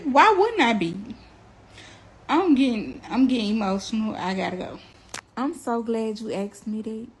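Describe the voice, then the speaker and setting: A woman's voice: mid-range voice, rough recording. A young woman, a mother, talking straight to her viewers in a casual, blunt and earnest way. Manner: earnest, blunt and colloquial, addresses viewers directly. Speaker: mother telling her family's story to viewers. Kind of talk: casual direct-to-camera testimony.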